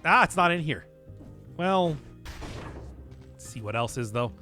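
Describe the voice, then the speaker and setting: Man, game streamer, casual rambling commentary, animated, bright tone, faint music behind. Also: fairly high pitch, measured pace. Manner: rambling, self-mocking, laughs at his own jokes.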